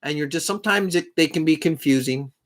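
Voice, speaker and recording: A middle-aged man chatting casually between songs on a live stream, self-deprecating and often clearing his throat, his voice catching a little from strain. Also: on the high side, brisk. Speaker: singer-songwriter streaming live. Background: his own guitar.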